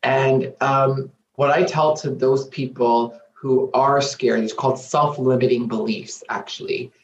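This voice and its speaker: A man's voice: mid-range voice, steady tone, unhurried, a little hiss or hum. A man speaking as a guest in an interview, earnest and emphatic, often repeating himself for weight. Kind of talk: candid interview talk. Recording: roomy, dull lo-fi sound.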